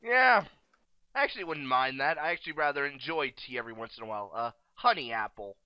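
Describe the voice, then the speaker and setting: A man's voice: medium pitch, lively intonation, fast talker, clear, resonant tone, dry recording. An American man interviewing a guest in a casual, joking chat, laughing often as he riffs on bits. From United States. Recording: dry, dull lo-fi sound.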